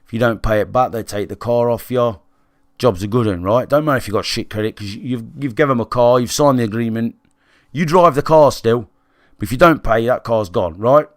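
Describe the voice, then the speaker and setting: A man's voice: medium pitch, brisk, no echo. A British man speaking in a medium voice with a dry, close sound. He tells his story frankly and swears freely, talking casually to his live chat. He checks in often with listeners. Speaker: gaming livestreamer.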